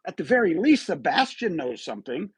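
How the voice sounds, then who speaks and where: A man hosting a live solo commentary show, his husky voice sitting fairly high and swinging widely in pitch. He argues in a rhetorical, accusatory way and keeps asking his listeners "right?". The sound is close and dry. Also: sing-song, fairly quick, dry recording. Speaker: host of a live online true-crime commentary show.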